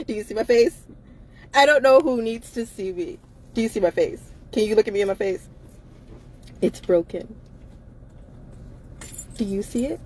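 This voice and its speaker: Husky, tired woman talking emphatically. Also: on the high side, normal speed, pauses often, a little mellow. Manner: emphatic and repetitive, laughs often, swears freely. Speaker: co-host of a live chat show. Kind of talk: casual live-stream chat.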